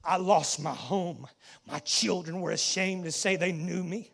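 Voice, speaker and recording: Southern preacher guy, high voice, acting out a story from the pulpit, goes from hushed to shouting. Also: steady tone, a little slow, gravelly. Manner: theatrical storytelling, swinging between hushed and shouting. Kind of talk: dramatic first-person sermon monologue. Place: church sanctuary.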